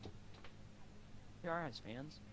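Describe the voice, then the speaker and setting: A man's voice: on the high side, takes it slowly, a bit bright, a little hiss or hum. A man co-commentating a live race with friends, joking and blunt in his remarks. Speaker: co-commentator guest.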